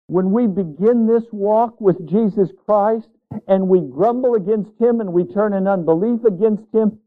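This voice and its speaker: A man pastor preaching a sermon with emphasis, stretching out key words. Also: sits high. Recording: tinny, phone-like narrow sound.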